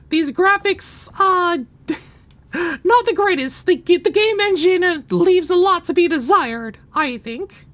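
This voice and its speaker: A shrill squeaky Mickey Mouse. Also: male voice, animated, takes it slowly, a bit bright, full character voice. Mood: chatty. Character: squeaky high cartoon mouse, cheerful male. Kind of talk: game commentary.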